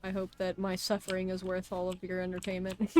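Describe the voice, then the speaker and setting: A woman's voice: lowish voice, completely flat delivery, fairly quick, a little mellow, a little hiss or hum. A woman streamer giving casual gameplay commentary, chatty and self-deprecating as she talks to her chat.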